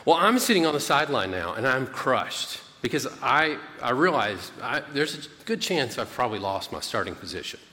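A male pastor preaching a sermon as an animated storyteller who keeps checking in with his listeners with a quick "okay?". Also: mid-range voice, big-room sound.

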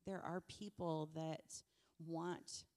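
A woman telling her personal story of struggle in an earnest, emotional way, her voice often dropping soft. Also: low-pitched, fairly even intonation, extremely slow, in a large hall. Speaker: church member sharing testimony. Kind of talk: personal testimony on stage.

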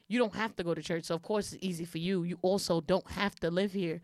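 Animated, profane woman telling a story. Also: on the low side, fast, hardly any pauses, dry recording, clean studio sound. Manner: animated, profane, acts out quoted voices. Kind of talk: casual storytelling chat.

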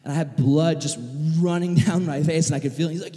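Young male pastor, animated storyteller, high and expressive, big hall reverb. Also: brisk, hardly any pauses. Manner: animated storyteller, acts out voices, yells in bursts. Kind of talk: sermon with personal story. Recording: long reverb of a large hall.

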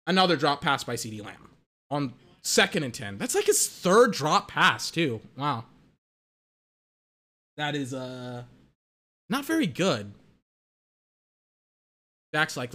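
A man calls a game live as a fan, his voice high and sharp. He rambles excitably, full of "like" and curses, and keeps getting exasperated at the plays. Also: unhurried, long pauses. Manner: excitable, exasperated, profane rant with filler "like". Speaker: fan commentator. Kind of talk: live watch-along game commentary.

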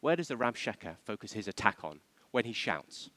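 A man's voice: lowish voice, very animated, fairly quick, a bit bright. A man preaching a sermon, asking the congregation questions and acting out the voices he quotes.

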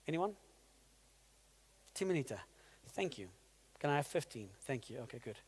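Man, pastor, sermon, energetic rhetorical questions, long church reverb. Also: mid-range voice, normal speed, breathy edge. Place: church hall.

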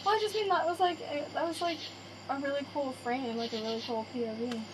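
A woman co-host chats casually and playfully, quick to giggle and tease. Her voice sits a little high. Clear hiss sits under her. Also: rough recording. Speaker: podcast co-host. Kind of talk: casual chat. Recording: noticeable background hiss.

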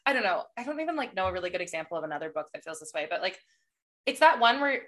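Bright-voiced woman gushing about books on a podcast, super chatty, says like a lot. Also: medium pitch, very fast. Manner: animated, chatty, fillers like "like". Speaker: podcast co-host. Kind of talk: casual book chat.

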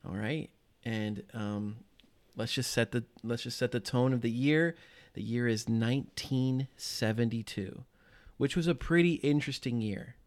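A man's voice: mid-range voice, measured pace. A man co-hosting a casual true-crime podcast from a small home loft, rambling loosely with lots of fillers. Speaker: podcast co-host.

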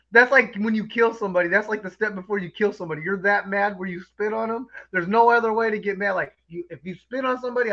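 High-voiced wisecracking man. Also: highs cut off. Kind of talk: casual chat.

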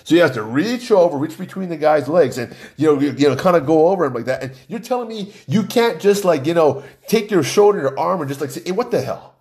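A man's voice: on the high side, lively intonation, fast, hardly any pauses, darkish tone. A man giving opinionated news commentary in a mocking tone, laughing often as he talks.

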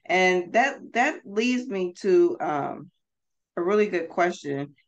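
A podcast host who asks measured questions and gives brief affirmations. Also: mid-range voice, expressive, dull audio. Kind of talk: casual interview talk.

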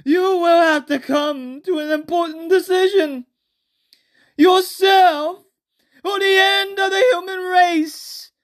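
A podcaster doing a squeaky silly announcer voice. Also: steady tone, slow pace. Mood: goofy. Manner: high, sing-song, drawn out. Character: silly cheerful doorstep announcer, not taken seriously.

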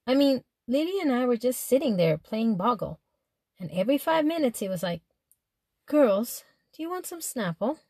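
A woman reads a teenage girl's diary aloud in the first person. She sounds chatty and exasperated, with a middle-pitched voice. The recording is dry and close to the mic. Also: darkish tone, no room sound. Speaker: audiobook narrator. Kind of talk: first-person diary narration as a teen girl.

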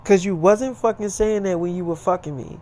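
A man doing a jealous young ex-girlfriend, sarcastic and swearing. She talks sharp and quick, a little high, in a casually told story. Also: a little hiss or hum, close to an everyday voice. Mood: scornful. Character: scornful young woman, jealous ex.

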